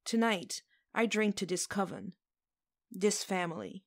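A woman voicing a calm, earnest coven leader who speaks slowly and solemnly. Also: mid-range voice. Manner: slow, solemn speech-making.

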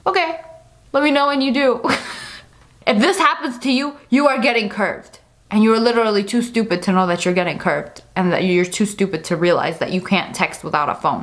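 A woman's voice: medium pitch, fairly bright tone. A young woman hosting a video, reading funny texts aloud and reacting with frequent laughter and mocking voices. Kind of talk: casual reaction commentary.

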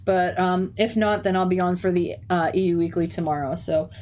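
A woman's voice: fairly low pitch, steady tone, moderate pace, darkish tone, slight background noise. A young woman talking casually on her stream, telling stories in a chatty way full of "like" and swearing, with a stuffy runny nose. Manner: chatty storytelling with frequent "like" and swearing. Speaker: teacher and game streamer. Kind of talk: casual chat while streaming.

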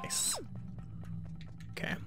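A man giving relaxed, chatty, self-deprecating commentary while playing a video game. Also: drawn-out words, over loud music. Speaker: let's play host. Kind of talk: casual gameplay commentary.

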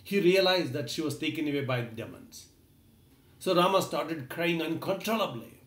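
A man's voice: a little high, expressive, normal speed, roomy sound. A man giving an earnest motivational talk, retelling an old epic and addressing the listener directly. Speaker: motivational speaker. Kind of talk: storytelling talk.

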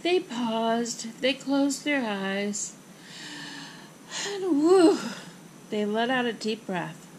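Woman reading a kids book out loud, slow and rhythmic, kinda high voice. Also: a little hiss or hum, rough recording. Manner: slow, expressive, rhythmic phrasing. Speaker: storybook reader. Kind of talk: children's book read-aloud.

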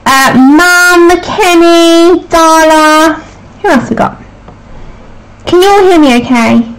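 A woman's voice: extremely high pitch, slow. A woman hosting a casual live stream, chatty and apologetic while she fixes her sound. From United Kingdom. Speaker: livestream host.

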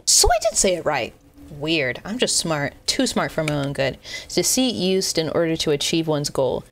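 Young woman, low register, unscripted vlog commentary; rambling, self-deprecating humor, frequent restarts. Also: lively intonation, normal speed. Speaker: YouTuber reacting to a Twitter thread.

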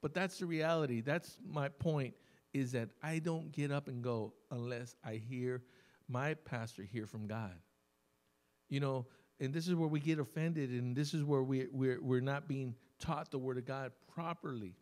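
A man preaching a sermon as pastor, telling stories conversationally and slowing down to stress key words. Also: medium pitch, steady tone, darkish tone. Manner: conversational storytelling preacher, emphatic with sudden slow stresses. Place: church service.

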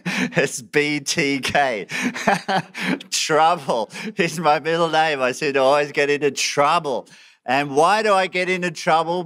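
Male preacher, smooth clear voice, slightly high, self-deprecating and animated. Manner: self-mocking, animated, laughs often. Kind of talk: sermon.

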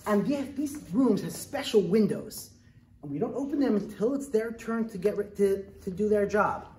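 In an echoey room with faint background noise, a woman presents a hands-on lesson to kids, cheerfully coaxing them through call-and-response. She speaks at normal speed with a medium-pitched, slightly mellow voice.

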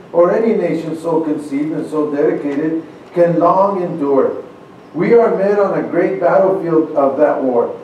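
An earnest man addressing a congregation, with a mellow voice pitched somewhat high. He restarts and repeats words as he goes. He is heard from far off in a very echoey room with faint noise behind him. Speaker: church speaker. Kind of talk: address to a congregation, reading founding documents aloud.

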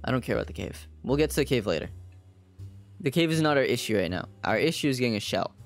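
A man's voice: mid-range voice, animated, fast, creaky, faint music behind. A young man streaming a game, giving laid-back, slangy casual commentary.

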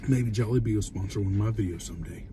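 A man's voice: fairly low pitch, fast, background noise. A man chatting casually while eating on camera, easygoing and prone to rambling lists. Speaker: co-host.

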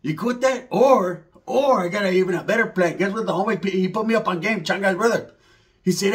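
High-voiced rambling man. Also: a little fast. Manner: rambling, slangy, mixes in Spanish words. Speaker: comedic character monologue. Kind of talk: rambling comedic character monologue.

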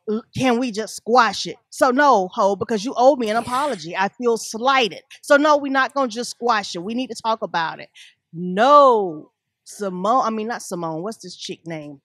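A woman's voice: fairly high pitch, dry recording, studio quality. A woman co-hosting a casual review chat, blunt and sassy in her talk. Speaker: co-host of a reality TV review show.

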